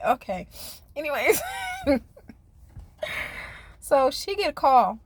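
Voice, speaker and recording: Woman, sassy chatty TV recap, mid-pitched voice, talks straight to viewers. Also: very animated, unhurried, pauses often, slightly rough. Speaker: reality TV reviewer. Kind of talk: casual recap commentary.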